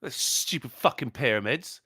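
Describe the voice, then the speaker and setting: Sarcastic guy cohosting, bright tense tone, quick jokes. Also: mid-range voice, expressive, husky, no echo, clean studio sound. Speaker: podcast co-host. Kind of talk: casual banter.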